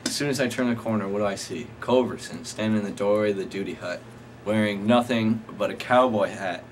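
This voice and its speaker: A man's voice: fairly low pitch, brisk. A young man casually telling a rambling, profane anecdote to friends, often laughing as he talks. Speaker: storyteller. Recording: noisy amateur recording.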